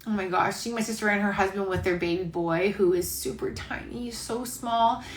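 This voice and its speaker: A woman's voice: medium pitch, moderate pace, roomy sound, slight background noise, poor audio. A pregnant woman hosting a casual live-stream chat, rambling and heartfelt, saying "like" constantly. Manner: chatty, rambling, heavy use of "like"; heartfelt, near tears. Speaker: host. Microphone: phone live stream.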